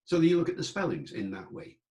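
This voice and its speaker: A male lecturer giving an online talk, explaining patiently and sounding out words slowly to demonstrate them. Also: on the high side, sing-song, dark tone. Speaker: lecturer on the English language.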